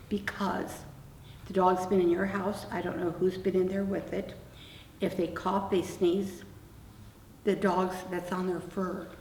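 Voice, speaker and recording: A woman's voice: lowish voice, vocal fry. Older woman telling a blunt story, roomy. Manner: animated anecdote with quoted dialogue, blunt and wry. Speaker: interview guest. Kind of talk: storytelling in an oral-history interview. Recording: roomy echo, distant mic, faint room hum.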